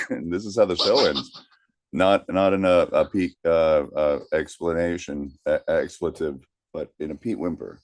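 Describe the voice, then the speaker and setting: A man co-hosting a podcast in casual banter, speaking quietly and making dry, mumbled asides. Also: very deep voice, a little slow, no room sound. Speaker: podcast co-host.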